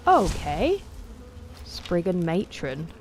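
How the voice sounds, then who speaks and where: A woman livestreaming a game late at night, casually answering viewers' chat messages by name and often slipping into a soft half-whisper. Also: on the low side, very animated, extremely slow, background noise.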